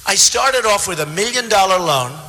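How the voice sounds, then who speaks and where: Here the speaker is an older man in his seventies with a high, expressive voice, a moderate pace and a sharp tone. Addressing a crowd in a large theater, the candidate boasts and rambles, repeating points and tossing out asides to the audience, all carried by a theater PA with long hall reverb.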